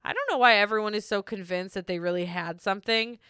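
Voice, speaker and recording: Bright, smooth-voiced young woman chatting. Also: medium pitch, fast talker, no echo, clean studio sound. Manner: chatty, giggly, frequent likes. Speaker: podcast host recapping a reality show. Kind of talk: casual chat.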